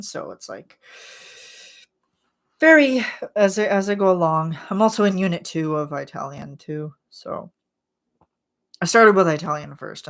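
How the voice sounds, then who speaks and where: A woman's voice: fairly low pitch, a bit bright. A woman hosting a casual chat vlog, rambling with lots of filler words and frequent laughs. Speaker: channel host.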